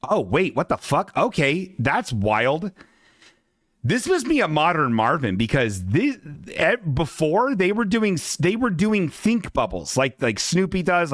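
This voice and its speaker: Rambling man with a lively pitch. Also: no room sound, studio quality. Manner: rambling, halting with many restarts and swearing asides. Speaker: podcast host. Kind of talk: casual livestream chat, reading a comic aloud.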